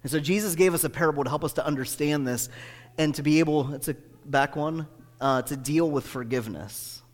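A man preaching a sermon in a conversational style, swinging between booming emphasis and hushed, intimate asides. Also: fairly quick. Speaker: pastor. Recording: echoey hall.

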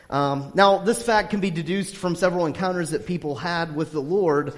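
A male pastor preaching a sermon in a church, chatty and animated, with many fillers. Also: a little high. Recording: long hall reverb.

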